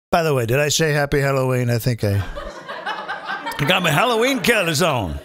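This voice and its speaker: Animated, high-pitched ranting comedian man. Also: no room sound, studio quality. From British American. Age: 50s. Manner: rambling, repeats phrases, stumbles and restarts. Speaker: comedian host. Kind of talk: live comedic political rant.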